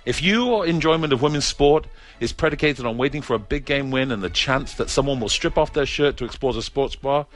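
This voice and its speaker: A man delivering an earnest, forceful opinion piece as a commentator. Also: medium pitch, a little fast, hardly any pauses, soft background music. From Britain. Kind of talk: opinion monologue.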